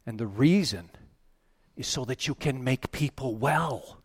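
A man preaching a sermon, animated and emphatic, often rising to loud, excited peaks. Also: mid-range voice, measured pace, slightly rough, dry recording. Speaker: pastor.

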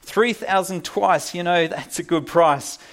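A man voicing a brash male auctioneer who calls out bids in a loud, rapid sing-song. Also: high voice, pitched above the performer's own voice. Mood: excited.

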